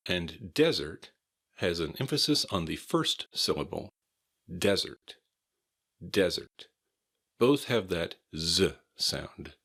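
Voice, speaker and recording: Deep, slow American pronunciation teacher. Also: male voice, fairly bright tone. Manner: repeats each word slowly and clearly. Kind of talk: slow, careful pronunciation lesson.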